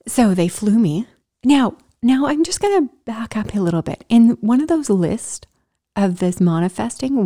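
Animated woman vlogger with a mellow voice. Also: medium pitch. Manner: animated, makes sound effects, frequent restarts. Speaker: vlogger telling a personal story. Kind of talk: casual storytelling to camera.

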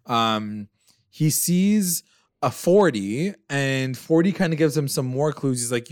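A man's voice: mid-range voice, expressive, slow pace, darkish tone, no echo, clean studio sound. A man co-hosting a podcast, recapping a TV episode in casual chat, rambling with lots of fillers and swearing. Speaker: podcast co-host.

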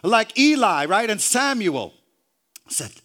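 A man preaching a sermon, peppering his phrases with hallelujah, stumbling and repeating words, joking with the congregation and rising to shouts. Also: high voice, very animated, slow.

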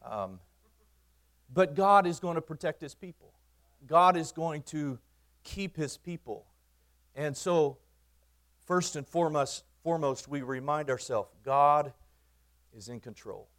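A man, a pastor preaching in his church, earnest, repeating phrases for emphasis and swinging from loud to quiet. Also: a little high, animated, a little slow, long pauses. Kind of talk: sermon.

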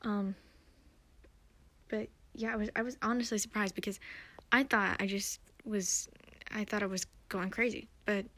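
A woman's voice: medium pitch, steady tone, normal speed, pushed and bright. Chatty woman podcaster, rambling. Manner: chatty, rambling with many fillers and restarts. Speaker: podcast host. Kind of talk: casual episode recap.

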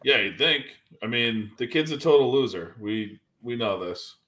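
A man's voice: medium pitch, expressive, normal speed, fairly bright tone. A man co-hosting a podcast, chatting about sports with dry, blunt wisecracks. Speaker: podcast co-host. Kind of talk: casual sports chat.

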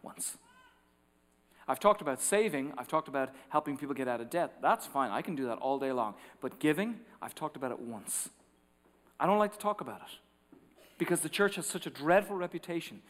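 A man preaching a sermon as pastor, telling stories with lively acted-out quotes and swinging between loud and hushed. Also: fairly high pitch, fairly quick. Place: large church sanctuary. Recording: long reverb of a large hall.

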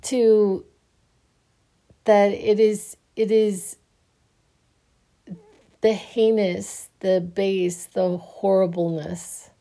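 A sleepy, yawning woman musing on faith in a halting, casual way, often restarting her sentences. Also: medium pitch, little pitch movement. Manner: slow, halting, restarts often, soft laughs.

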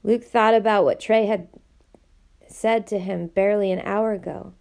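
A woman reading a novel aloud in an expressive, animated way. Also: mid-range voice, normal speed, gravelly. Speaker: audiobook reader.

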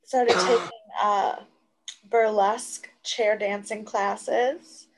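A woman's voice: mid-range voice, steady tone, takes it slowly, background noise. A young woman co-hosting a casual podcast, chatting and telling stories with lots of fillers. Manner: chatty storyteller, many fillers. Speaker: podcast co-host. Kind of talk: casual chat.

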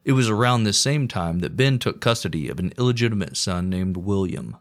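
A man's voice: fairly low pitch, expressive, fairly quick. A man hosting a podcast, telling history in a crude, irreverent comic way. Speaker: podcast host. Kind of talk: comedic history narration.

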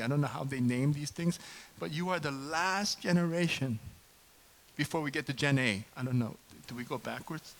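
A man in his fifties preaching a sermon as pastor, conversational and animated, often asking the congregation questions. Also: fairly high pitch, a little fast, low-quality recording. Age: 50s.

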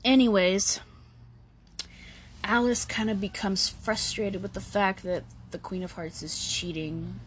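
A woman's voice: mid-range voice, fairly even intonation, measured pace, slight background noise. A woman podcast host retelling a story in a casual, slangy way, full of "like" and swearing. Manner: slangy, swears, many "like" fillers.

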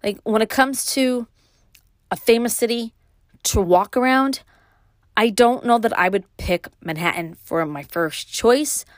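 A woman's voice: on the high side, no room sound, clean studio sound. Rambling woman with a Brooklyn accent. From New York. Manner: rambling, pauses and restarts often. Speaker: podcast host. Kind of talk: casual solo podcast monologue.

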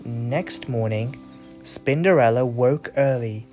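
A woman reading a bedtime story aloud to a child, expressive, with gentle asides. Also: a bass voice, slow pace, faint music behind.

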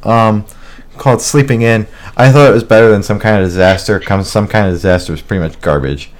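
A young man with a fairly low voice chats loosely on a podcast. He rambles, cracks jokes and swears freely, with a casual, offhand delivery. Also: a little fast. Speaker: podcast co-host.

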